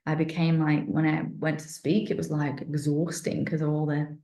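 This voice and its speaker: Low mellow woman in an echoey room. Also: flat delivery, normal speed. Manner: chatty, rambling, many fillers and restarts. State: thirsty, dry-mouthed. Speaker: wellness vlogger. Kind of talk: casual personal account.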